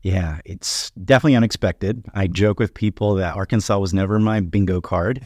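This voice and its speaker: A man in his thirties with a deep, low voice speaks as an interview guest, answering in calm, articulate sentences that often open with a soft "um." The recording is dry and close, with no room echo. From United States, Honduran parents. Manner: measured, articulate, frequent "um" openers. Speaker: guest, company CEO.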